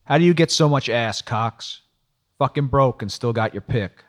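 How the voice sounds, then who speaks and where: A man's voice: mid-range voice, moderate pace, voice pushed up, natural voice. A man voicing an impatient, crude male hustler who speaks in clipped broken English. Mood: mocking.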